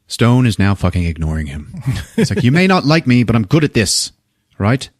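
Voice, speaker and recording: A man's voice: medium pitch, very animated, moderate pace, no echo. A man co-hosting a podcast, retelling a movie scene by scene in casual chat, swearing freely and acting out the characters' lines. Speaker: podcast co-host recapping a movie.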